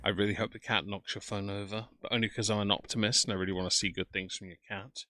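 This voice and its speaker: A man's voice: lowish voice, little pitch movement, fast talker, bright, forceful tone, no echo. A man streaming live reaction commentary in a sarcastic, mocking way.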